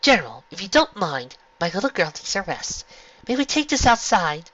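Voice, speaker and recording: A man voicing a caring but firm queen mother pony in a higher, lilting voice. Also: sing-song, normal speed, exaggerated voice. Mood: irritated. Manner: gentle scolding, raised pitch. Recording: lo-fi home recording.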